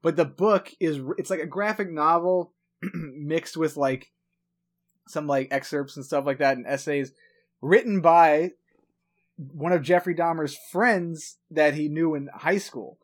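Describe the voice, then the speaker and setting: A man's voice: on the high side, a little slow. Rambling, swearing man with a raised voice. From New York, Long Island. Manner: rambling, stuttering, swears a lot. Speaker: podcast co-host. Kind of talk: casual chat.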